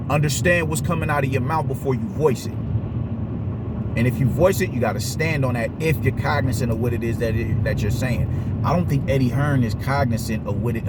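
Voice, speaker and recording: A man's voice: mid-range voice, very noisy. A man giving a casual opinion monologue on boxing, emphatic and repetitive, with streetwise slang. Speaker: boxing commentator.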